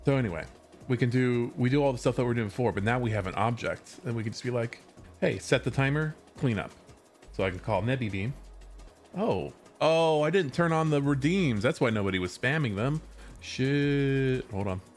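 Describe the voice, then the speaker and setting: A man's voice: mid-range voice, animated, fairly quick, faint music behind. An American man from California chatting casually on a live stream while he works, rambling and correcting himself as he goes. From California, USA. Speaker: livestreamer and game developer.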